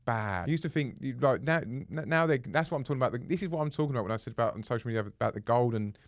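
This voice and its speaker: A man in his thirties talks casually on a podcast. He rambles and restarts his sentences often, in a mid-pitched voice. The sound is dry and close. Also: expressive, rapid-fire, no room sound. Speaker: podcast co-host. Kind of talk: casual chat.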